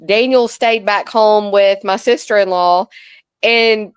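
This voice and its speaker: A woman, an arm wrestler and guest, chatting casually in a blunt, animated way and swearing freely. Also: mid-range voice, takes it slowly, smooth, no room sound. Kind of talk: casual podcast chat.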